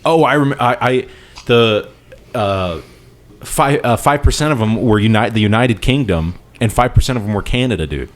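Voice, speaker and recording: A man co-hosting a podcast in relaxed, chummy casual chat. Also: mid-range voice, moderate pace. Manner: laid-back, chummy, says dude a lot. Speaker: podcast co-host.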